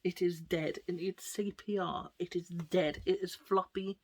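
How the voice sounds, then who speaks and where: A woman's voice: lowish voice, fairly even intonation, measured pace, slightly rough. Young-sounding woman, casual vlog storyteller, rambly, slips into whispered asides. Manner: chatty, rambling, drops into soft whispered asides. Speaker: vlogger.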